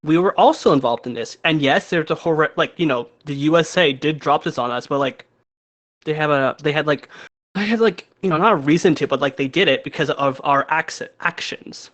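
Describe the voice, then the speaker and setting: A man's voice: a little high, a little fast, a bit bright. A man co-hosting a podcast, chatting casually and agreeing often. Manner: chatty, agreeable, frequent yeahs. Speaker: podcast co-host. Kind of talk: casual chat.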